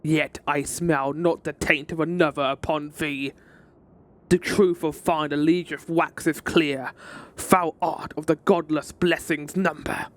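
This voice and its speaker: A man voicing a wrathful male fire god who speaks in slow, solemn, archaic pronouncements. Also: a little high, fairly even intonation, lightly acted. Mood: menacing.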